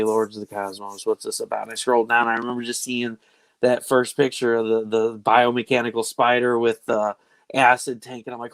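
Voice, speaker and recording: Host: excitable guy, mid-pitch, rambling, dry close sound. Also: no room sound. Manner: enthusiastic, rambling, laughs often. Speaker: show host. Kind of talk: casual chat.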